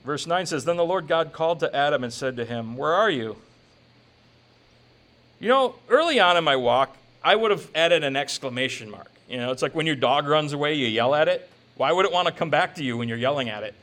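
A man preaching a sermon in a conversational, joking way, slipping into quick quoted asides. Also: fairly high pitch, expressive, fairly bright tone. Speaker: pastor.

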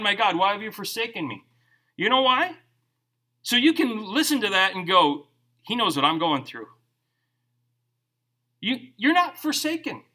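A middle-aged male pastor preaching a sermon, joking and acting out quotes as he tells stories. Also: high voice. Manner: animated, joking storyteller who acts out quotes.

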